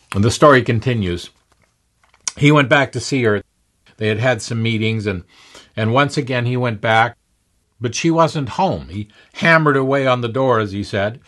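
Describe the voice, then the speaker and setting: A man reading an evangelist's story aloud in a measured, earnest manner. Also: mid-range voice, fairly bright tone.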